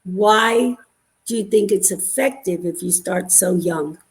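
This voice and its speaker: A woman hosting an interview, asking questions in a measured way with frequent fillers. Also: mid-range voice, creaky, low-quality recording. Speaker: host interviewer.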